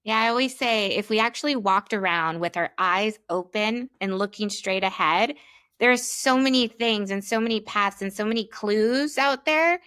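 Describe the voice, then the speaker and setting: A woman hosts a podcast in a casual, upbeat way, with a mid-pitched voice. Her speech is loose and friendly, with frequent "like". The sound is dry and close. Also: moderate pace, pushed and bright, smooth, no room sound. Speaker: podcast host. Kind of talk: conversational interview.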